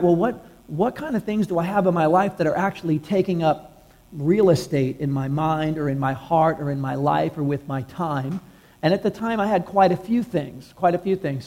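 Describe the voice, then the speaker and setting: A man preaching a sermon to his congregation in a conversational style, sometimes dropping to a hush. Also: high-pitched. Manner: conversational preaching, drops to a hush at quiet points. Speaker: pastor.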